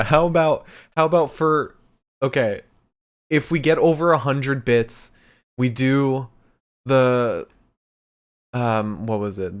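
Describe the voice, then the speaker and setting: A podcast co-host in casual live-stream chat, laid-back and often laughing, explaining the donation rules. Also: mid-range voice.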